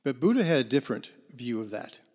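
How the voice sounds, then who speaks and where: A man's voice: mid-range voice, big pitch swings, fast talker, darkish tone. A male counselor telling parables in a conversational talk, with fillers and restarts. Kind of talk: storytelling talk on forgiveness.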